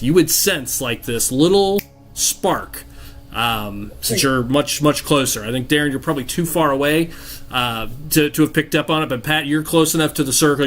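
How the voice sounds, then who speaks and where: A man's voice: medium pitch, fairly bright tone. A man narrating as game master of a tabletop game, rambling with fillers and restarts.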